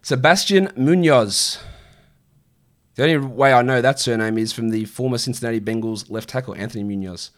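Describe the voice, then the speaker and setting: Brief: man in his thirties, livestream Q&A host, blunt and sweary, quick to rant. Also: mid-range voice. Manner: blunt, swearing, exasperated rants. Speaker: fantasy basketball streamer answering viewer questions. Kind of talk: casual livestream Q&A.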